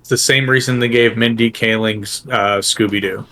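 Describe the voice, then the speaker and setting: Bright-voiced rambling man. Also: on the low side, fairly even intonation, moderate pace. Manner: rambling storyteller, corrects himself. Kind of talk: casual podcast chat.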